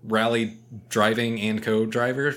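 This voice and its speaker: A man chatting casually on a podcast, telling a story with lots of swearing and loud acted-out quotes. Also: lowish voice, measured pace. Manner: animated storyteller, swears freely, acts out quotes loudly. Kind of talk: casual chat.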